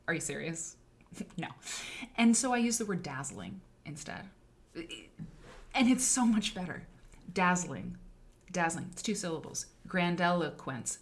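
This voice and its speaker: A woman hosting a relaxed livestream chat, with a voice sitting a little on the low side. She talks in an animated, emphatic way and drifts into chatty asides, casual and direct with her viewers. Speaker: host. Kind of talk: casual livestream talk on writing.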